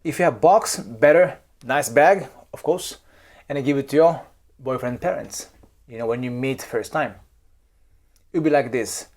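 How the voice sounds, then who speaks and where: A YouTube host and cultural coach with a Japanese accent gives casual advice to camera in a medium-pitched, darkish voice at a slightly slow pace. He's chatty and emphatic, often checking in with "right?" and "okay?".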